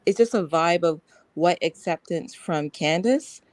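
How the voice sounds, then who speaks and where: A woman's voice: fairly low pitch, a little slow, no room sound, low-quality recording. A woman guest in a casual chat, speaking frankly and rambling with lots of fillers.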